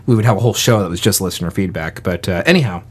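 A man's voice: deep voice, rapid-fire, slightly rough. A man co-hosting a casual podcast, joking with his co-host and reading listener emails aloud. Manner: playful, teasing, reads listener emails aloud. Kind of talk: casual chat.

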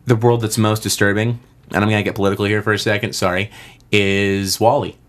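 A man with a lowish voice chatting on a podcast. He talks things through casually, dropping joking asides along the way. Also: flat delivery, a little fast. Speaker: podcast co-host. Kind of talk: casual chat.

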